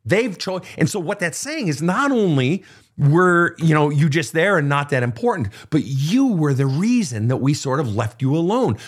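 A man's voice: a little high, big pitch swings, normal speed, slightly rough. A man working as a counselor, blunt and probing, swearing freely and pressing the same questions again and again. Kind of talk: counseling session.

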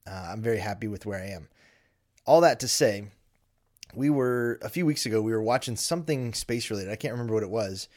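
A man's voice: fairly low pitch, brisk, darkish tone. A man in his thirties hosting a casual solo podcast from his home basement, candid and self-deprecating, with frequent ums. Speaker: podcast host.

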